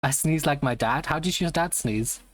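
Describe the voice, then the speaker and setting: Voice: mid-range voice, normal speed, no room sound. Rambling casual live streamer. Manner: rambling, greets chat by name, lots of fillers and laughs.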